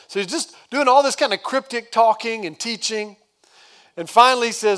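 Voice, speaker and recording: A male pastor giving a sermon, retelling the story in a casual, conversational way with quick asides. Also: high-pitched, fairly bright tone.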